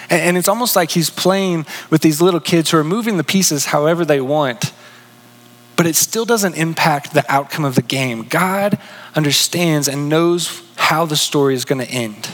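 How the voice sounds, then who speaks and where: A man preaching a sermon in an earnest, questioning way, often dropping to a soft hush. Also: a little high, long reverb tail, poor audio. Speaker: pastor.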